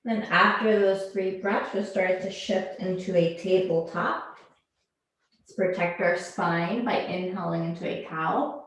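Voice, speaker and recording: A woman instructor guiding a yoga class, calmly calling out poses and breaths. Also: fairly low pitch. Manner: slow, calm cueing of poses and breath. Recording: very echoey room.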